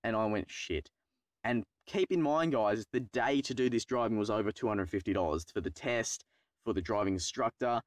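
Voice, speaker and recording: A man's voice: fairly low pitch, brisk, no echo. Young Australian man, rambling and swearing. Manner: rambling, profane, self-mocking. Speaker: YouTuber telling a personal story. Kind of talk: casual storytelling vlog.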